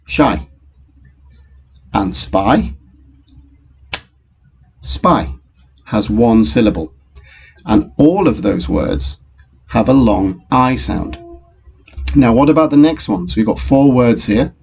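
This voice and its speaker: A man with a gravelly edge to his voice gives a phonics lesson to young children at a very unhurried pace. He explains things patiently and speaks straight to the pupils. Faint computer typing sits under his voice. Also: mid-range voice, lively intonation, a little mellow, slight background noise. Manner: slow, patient, talks directly to young pupils. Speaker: primary school teacher.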